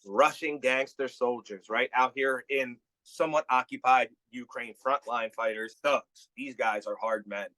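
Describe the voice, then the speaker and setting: Male podcast host, slangy animated storyteller, bright voice, dry sound. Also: mid-range voice, measured pace, few pauses, dry recording, poor audio. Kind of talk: casual podcast chat.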